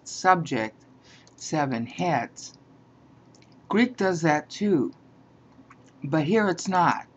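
A woman teaching a Bible lesson, explaining grammar point by point and often checking in with "all right?". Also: low-pitched. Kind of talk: slow explanatory lecture. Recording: dull lo-fi sound.

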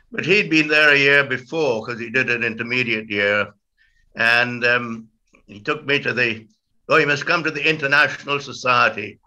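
Guest speaker, man in his 80s, wry storyteller, bright tone, dull call audio. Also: mid-range voice. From Guyana. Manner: relaxed, wry, hesitant fillers. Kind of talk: casual anecdotal storytelling.

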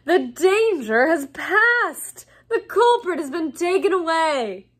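A woman voicing a pompous, relentlessly cheerful male wizard teacher who talks down to people in a slow, loud, self-satisfied way. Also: very high-pitched, sing-song, voice pushed up, full character voice. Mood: smug, condescending. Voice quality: condescending, drawn-out and loud.

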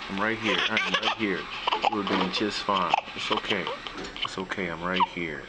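A man softly and repeatedly reassuring a newborn baby in a home video clip. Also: low-pitched, fairly even intonation, normal speed. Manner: soft, repetitive, reassuring murmur. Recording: noisy old home video recording.

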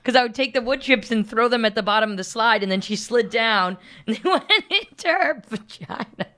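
A woman's voice: a little high, animated, a little fast, a bit bright. A young woman, a comedian, telling stories in a casual chat and laughing often. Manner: storytelling, laughs often, many likes. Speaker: comedian guest.

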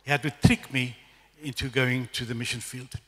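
A middle-aged man with a South African accent, telling a lively, self-deprecating testimony as a guest preacher at a church evening service. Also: mid-range voice, moderate pace, slightly rough. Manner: storytelling, animated, self-deprecating humor. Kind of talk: testimony sermon. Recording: echoey church hall reverb.

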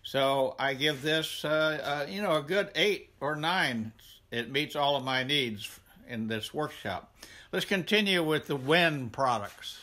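An older man with a Southern accent giving a rambling, folksy tour of his home garage workshop, pausing often with "uh". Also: fairly high pitch, pushed and bright. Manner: rambling, folksy, many "uh" pauses. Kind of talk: casual tool tour.

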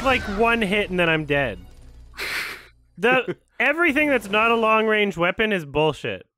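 A man playing a video game on stream, chatting casually, animated and swearing, muttering at times and shouting at others. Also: high voice, no room sound. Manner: animated, swears and laughs, swings between mutters and outbursts. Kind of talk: casual gaming stream chat.

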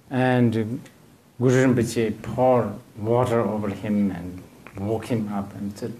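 A man giving a dharma talk as a Buddhist teacher. He rambles, hunts for words, and fills the gaps with "you know," with gently humorous asides. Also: lowish voice, fairly even intonation, takes it slowly. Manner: digressive, searching for words, frequent "you know".

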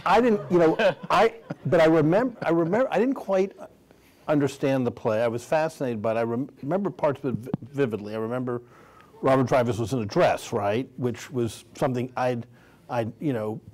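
Halting older male moderator. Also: medium pitch, darkish tone. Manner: rambling, halting questions with many restarts. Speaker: panel moderator. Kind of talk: onstage Q&A conversation. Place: theater stage before an audience.

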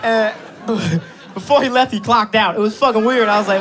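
Male stand-up comic, high-pitched, animated, live room with audience. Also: normal speed, crowd noise, background noise. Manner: animated, profane, laughing through punchlines. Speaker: stand-up comedian. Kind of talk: stand-up storytelling. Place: live comedy venue with audience.

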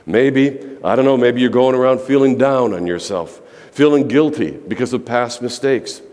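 A man's voice: medium pitch, normal speed, a little mellow. A male pastor preaching a sermon to his congregation in a church, emphatic and repetitive, building phrases for effect. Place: church sanctuary. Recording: long reverb of a large church.

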